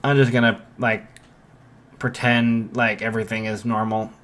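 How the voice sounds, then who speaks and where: A man's voice: fairly low pitch, flat delivery, normal speed, fairly bright tone, natural voice. A man voicing a bewildered, hesitant teenage girl in a casual spoken fan story. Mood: confused. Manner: confused, hesitant.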